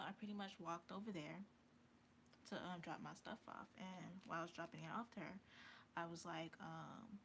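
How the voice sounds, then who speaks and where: A chatty woman talks straight to her viewers in a relaxed storytime vlog. Her voice sits on the low side, and she keeps piling on fillers and now and then sinks to a whisper. A faint hiss of noise runs underneath. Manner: chatty, with many fillers, drops to a whisper at times. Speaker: vlogger. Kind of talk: casual storytime chat.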